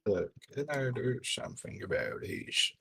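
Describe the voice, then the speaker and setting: A man's voice: mid-range voice, expressive, unhurried, gravelly, a bit bright, breathy edge. A man losing a tabletop wargame, talking hesitantly and sounding resigned. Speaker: opponent player. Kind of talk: casual game chat.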